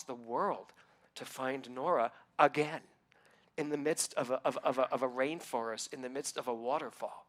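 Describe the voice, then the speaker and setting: A middle-aged man, a minister, telling a personal story in a sermon, acting out what others said with lively ups and downs. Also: medium pitch, moderate pace. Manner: animated storytelling, acting out quoted voices.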